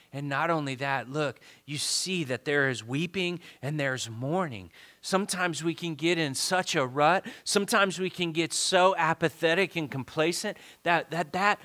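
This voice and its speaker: Pitched fairly high, a male pastor's sermon swings between loud, fervent calls and hushed pleas. He often repeats words as his feeling rises.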